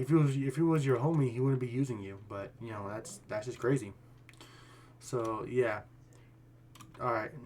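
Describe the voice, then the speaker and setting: A man's voice: lowish voice, slight background noise. A man hosting a casual storytime commentary video, rambling and heated, often restarting his sentences. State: voice getting worn out. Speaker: YouTube commentary host.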